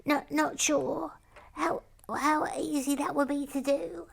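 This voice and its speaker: A woman putting on a high, slow, gloomy donkey voice for a character. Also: fairly even intonation, creaky, full character voice. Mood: mopey.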